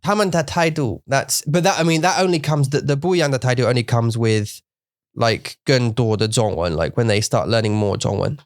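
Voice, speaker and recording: A man's voice: mid-range voice, a little fast, dry recording, studio quality. A man, a native English speaker, co-hosting a casual bilingual podcast, playful and jokey, stumbling over his words. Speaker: podcast co-host.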